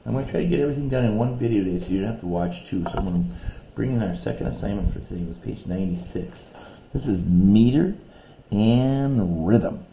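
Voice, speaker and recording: A male teacher recording a lesson video, patiently explaining a poem step by step and reading its lines aloud slowly. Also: lowish voice, lively intonation, gravelly, dark tone, slight background noise.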